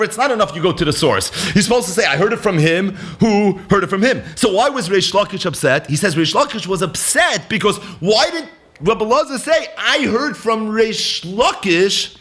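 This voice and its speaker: A man teaching a daily Talmud lesson, animated, often laughing and jumping up in pitch to act out quotes.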